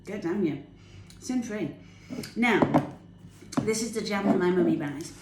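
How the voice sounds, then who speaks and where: Speaking at a measured pace in an expressive mid-range voice, a woman gives her viewers chatty healthy-eating tips straight to camera from her home kitchen. She's a fitness vlogger, bubbly and enthusiastic, laughing while she talks. The audio is very noisy, with an echoey room and faint ambience.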